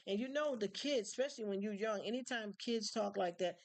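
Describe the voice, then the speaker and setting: A woman's voice: medium pitch, fairly quick. Streamer, woman; loose rambling chat, repeats words when worked up. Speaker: live stream host. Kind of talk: casual chat.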